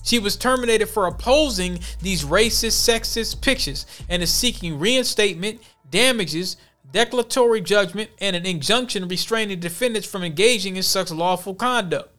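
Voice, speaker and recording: A man's voice: sits high, normal speed, hardly any pauses, pushed and bright, soft background music. A man hosting a podcast, reading news stories aloud and commenting on them bluntly with slang. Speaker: podcast host.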